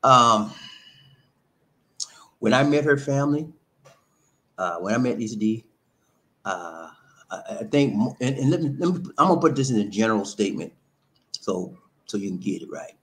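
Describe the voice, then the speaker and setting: A man's voice: on the low side, moderate pace, pauses often. A man hosting a casual live stream, greeting viewers by name, chanting and rhyming, and laughing at his own jokes. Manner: animated, shout-outs to viewers, chanting and rhyming.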